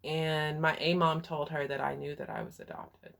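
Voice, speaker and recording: Low-voiced Texan woman telling her story. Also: flat delivery, normal speed, gravelly, fairly bright tone. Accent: Texas. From Texas. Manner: frank, candid, hesitant with fillers. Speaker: vlogger and life coach. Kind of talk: personal storytelling vlog.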